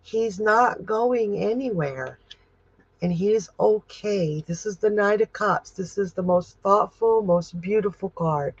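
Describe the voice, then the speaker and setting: A woman working as a psychic medium who gives tarot readings on a livestream and reads viewer comments aloud in a gentle, comforting way. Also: mid-range voice, a little slow, slightly rough, no room sound, dull audio.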